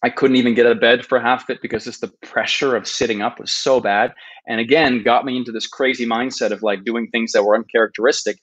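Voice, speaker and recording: A travel video maker in his thirties, appearing as a guest on a casual storytelling podcast interview, tells his story earnestly and self-deprecatingly, often restarting sentences. His mid-range voice is fast, fairly even, and a bit bright, heard through a podcast microphone in a muffled recording.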